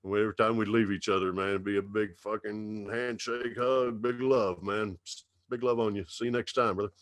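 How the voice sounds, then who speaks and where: A man who works as a radio DJ, a podcast guest talking in a loose, profane, casual way with drawn-out asides. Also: fairly low pitch, fairly even intonation, no echo. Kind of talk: casual chat.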